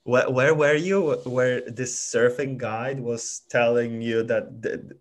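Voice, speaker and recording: A man hosting a casual chat, asking curious questions with halting restarts. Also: mid-range voice, fairly even intonation.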